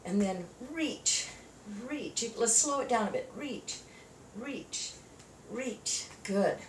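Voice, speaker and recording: This exercise class instructor, a woman of medium pitch, speaks expressively and at a measured pace. She counts through chair yoga moves with encouraging cues, slightly out of breath, captured on a distant mic with roomy echo and faint noise.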